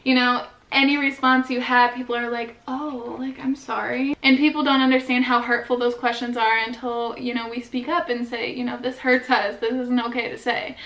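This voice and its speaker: A woman's voice: a little high, little pitch movement, moderate pace, few pauses, fairly bright tone. A young woman in her twenties, a new mother, talking earnestly to camera in a personal vlog, with many fillers. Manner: earnest, heartfelt, filler-heavy talk. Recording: echoey room.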